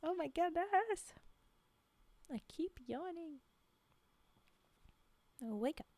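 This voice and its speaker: A woman's voice: very high voice, expressive, slow, a little mellow, no room sound. A woman streamer reading folktales aloud on a live stream, breaking off for laughing asides to her chat. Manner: laughing asides to chat between read passages.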